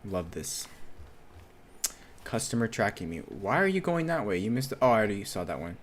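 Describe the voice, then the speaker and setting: A man with a fairly low voice streams from a desk setup, reading posts aloud and tossing off casual, offhand reactions. He swears freely and mutters half to himself. A faint hum of room ambience sits under his voice. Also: very animated, brisk.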